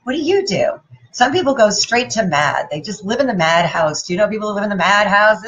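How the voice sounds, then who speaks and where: A woman giving a playful, animated motivational talk and putting questions to her audience. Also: mid-range voice, fairly quick, dull audio. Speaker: motivational speaker.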